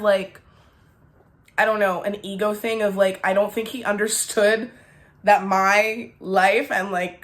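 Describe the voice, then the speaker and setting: A woman's voice: medium pitch, a bit bright. A young woman vlogger telling a storytime tale, chatty and indignant, full of "like". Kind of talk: storytime vlog.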